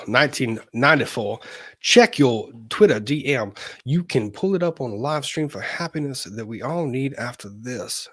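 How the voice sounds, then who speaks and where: A man's voice: medium pitch, fairly bright tone, breathy edge, dry recording. A man hosting a live-streamed legal talk show, reading viewer messages aloud in a chatty, wry way with laughs and casual cursing.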